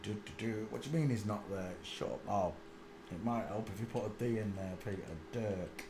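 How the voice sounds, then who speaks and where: A man's voice: fairly low pitch, a little fast. A man talking casually to himself as he searches for pictures on screen, muttering and then bursting out laughing. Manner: rambling, mutters to himself, sudden loud laughing outbursts. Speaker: channel host. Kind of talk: casual commentary while searching images on screen. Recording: echoey room with faint ambient noise.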